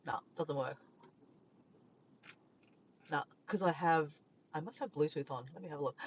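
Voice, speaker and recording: A woman's voice: low voice, animated, moderate pace, pauses often, lo-fi sound, very noisy. A woman with an Australian accent, chatting casually to a live stream from her parked car, rambling and tripping over her words. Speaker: vlogger.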